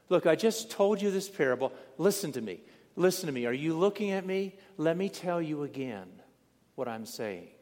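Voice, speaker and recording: A pastor preaching a sermon in a deliberate way, often repeating and rephrasing a point for emphasis. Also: male voice, on the high side, a little mellow, big-room sound.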